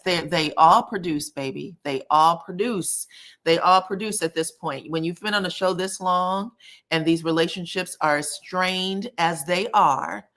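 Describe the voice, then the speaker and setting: A woman hosting a casual live recap of a reality show, her voice sitting a little low. She chats freely, calls her viewers baby and honey, and jumps up in pitch whenever she acts out what the cast said. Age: adult, married. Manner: acts out quotes from the scenes with lively pitch jumps.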